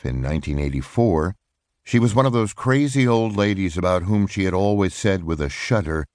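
A man with a very low voice narrates an audiobook, and his pitch rises and falls expressively. His reading is measured and reflective, recorded close and dry in a studio. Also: a little mellow, dry recording. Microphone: close studio microphone.

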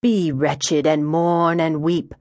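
A woman voicing a sneering male fundamentalist preacher who intones scripture slowly. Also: low voice, fairly even intonation, a little mellow, dry recording, studio quality. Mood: intoning.

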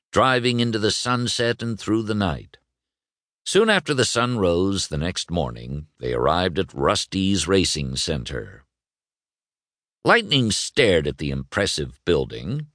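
A man reading a children's novel aloud, expressive and voicing every character. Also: deep voice, dry recording, studio quality. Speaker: audiobook narrator. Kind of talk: scripted storybook narration.

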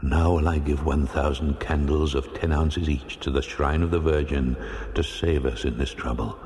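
A man voicing a terrified, superstitious ship captain who prays and pleads in hushed, breathless tones, with a long reverb around the voice. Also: very deep voice, fairly even intonation, normal speed, a little hiss or hum. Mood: pleading. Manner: fearful, whispered prayers, pleading. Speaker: character in audiobook.

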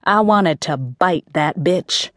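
A woman's voice: on the low side, slow, no room sound, clean studio sound. A woman narrating a first-person audiobook in a gritty, slangy street voice.

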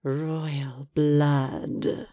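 A woman voicing a sinister, faceless shadow spirit that speaks in a slow, low, menacing whisper. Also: level tone, mellow, no echo.

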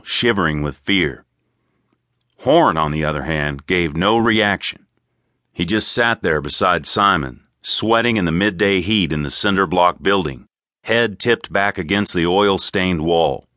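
A man narrating an audiobook in an expressive, crisp storytelling manner. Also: sits low, measured pace, no echo, clean studio sound. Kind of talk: scripted narration.

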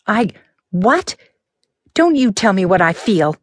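A woman voicing a frightened, upset teenage girl in an audiobook, her pitch raised and strained. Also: sing-song, takes it slowly, no echo, clean studio sound. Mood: resentful.

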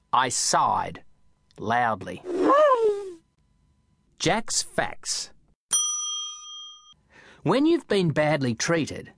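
A man narrating a children's audiobook in a playful, expressive storytelling manner. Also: fairly high pitch, a little hiss or hum.

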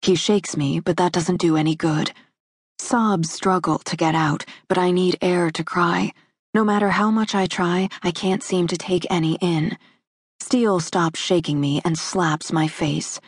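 Woman reading a romance audiobook, husky low-ish voice, dry close studio mic. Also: steady tone, unhurried, no echo. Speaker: audiobook narrator. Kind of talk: first-person romance narration.

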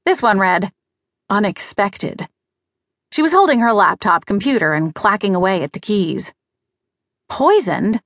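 A woman's voice: medium pitch, very animated, brisk, hardly any pauses, fairly bright tone, dry recording, clean studio sound. Woman narrating an audiobook, wry. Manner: wry, conversational. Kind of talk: first-person scripted narration.

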